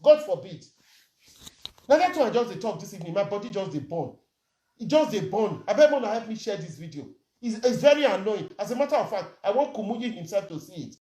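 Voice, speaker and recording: Her mid-range voice is warm, brisk and sing-song, and the sound is reverberant. A Nigerian woman who comments on social media, she rants angrily in a vlog, asking rhetorical questions and slipping between Pidgin and plain English.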